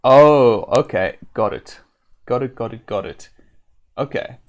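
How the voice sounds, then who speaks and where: A man streaming a classic role-playing game, casually thinking aloud with frequent pauses and fillers. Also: mid-range voice, animated, highs cut off. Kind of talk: live-stream gameplay commentary.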